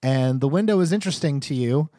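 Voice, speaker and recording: A man's voice: mid-range voice, expressive, fast, mellow, no echo. Rambling male game master, dry mic. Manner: casual, rambling narration with many fillers. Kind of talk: narrating a tabletop game.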